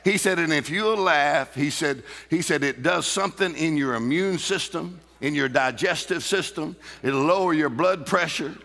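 A man's voice: a little high, normal speed, vocal fry, few pauses, pushed and bright. A man preaching a sermon in a church, emphatic and laughing often as he calls out to the congregation. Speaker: pastor. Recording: reverberant hall.

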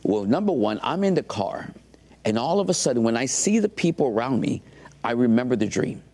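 A man's voice: medium pitch, sing-song, fairly quick, warm tone. A man earnestly telling his faith testimony in an interview, emotional as he recounts it.

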